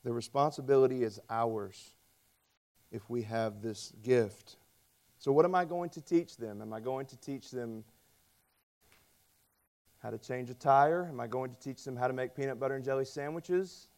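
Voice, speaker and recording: A man preaching a sermon, telling stories and acting out quoted voices with lively emphasis. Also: mid-range voice, normal speed, long pauses. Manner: storytelling with dramatic voiced quotes; animated, rising loud on emphasis. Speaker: pastor.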